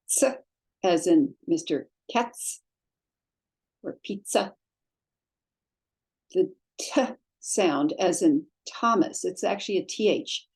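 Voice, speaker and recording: A woman teaching a beginner's language lesson, pronouncing each sound slowly and carefully. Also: fairly low pitch, mellow. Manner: slow, careful drawn-out pronunciation of sounds. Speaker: Hebrew teacher. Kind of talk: slow instructional lesson.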